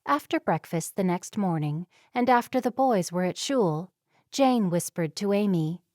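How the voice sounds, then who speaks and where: A woman narrating a romance novel audiobook in a calm, even storytelling manner, close to the microphone. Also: mid-range voice, unhurried, no echo. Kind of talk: scripted narration.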